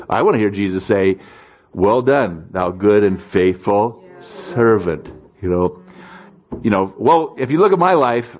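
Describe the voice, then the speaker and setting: A man's voice: lowish voice, darkish tone. A man preaching a sermon in an easygoing, conversational manner, telling stories with self-deprecating humor and acting out the voices in them. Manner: acts out quoted voices in stories. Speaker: pastor.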